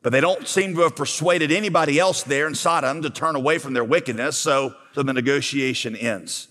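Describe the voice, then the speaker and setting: A pastor delivers a sermon, telling a scripture story in a lively way and asking his listeners rhetorical questions. His man's voice sits a little above the usual pitch. Long reverb from a large hall trails every phrase. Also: a little fast.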